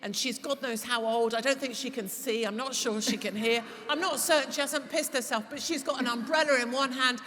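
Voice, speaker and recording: A woman talking as a podcast guest before a live audience, impassioned and swearing, laughing, and rising to shouts. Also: a little high, fairly even intonation, fairly quick, hardly any pauses. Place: large church hall before a live audience. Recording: echoey hall with audience noise.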